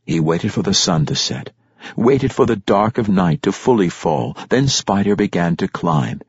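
A man narrating a fantasy audiobook in a measured, expressive storytelling manner. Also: low-pitched, breathy edge, no room sound. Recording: dull lo-fi dry recording.

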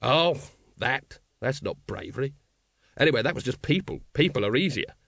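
A weary, bitter guard captain, voiced by a man reading aloud, gruff and glum, with terse replies. His intonation still rises and falls in lively swings, and the sound is dry and close. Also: mid-range voice, moderate pace, dry recording. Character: weary, bitter middle-aged male city guard captain. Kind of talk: audiobook character voice.

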